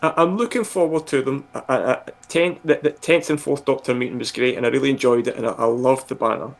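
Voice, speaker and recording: A man's voice: medium pitch, fast talker, vocal fry. A man chatting casually on a podcast, often restarting his words with a stammer. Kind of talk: casual chat.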